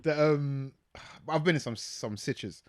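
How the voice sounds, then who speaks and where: A man's voice: on the high side, slow, darkish tone. A man co-hosting a podcast, easygoing, often restarting his sentences. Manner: easygoing, hesitant restarts, laughs along. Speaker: podcast co-host. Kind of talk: casual chat.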